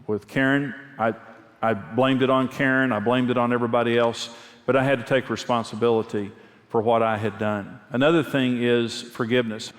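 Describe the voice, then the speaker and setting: A man's voice: mid-range voice, steady tone, moderate pace. A man preaching a conversational sermon, telling personal stories earnestly and repeating his key phrases. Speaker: pastor and marriage speaker. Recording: long reverb of a large hall.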